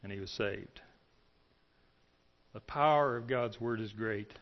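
Man preaching with loud and hushed swings. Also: lowish voice, unhurried, highs cut off. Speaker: pastor. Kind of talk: sermon.

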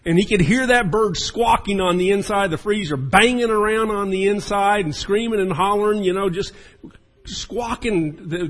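A man's voice: fairly high pitch, slightly rough, poor audio. A man preaching a sermon as the pastor, in a folksy and chatty storytelling manner.

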